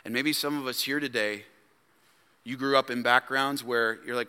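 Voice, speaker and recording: A man preaching a sermon as pastor, emphatic, swinging between loud declarations and hushed low asides. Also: steady tone, moderate pace, smooth, in a large hall. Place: church sanctuary.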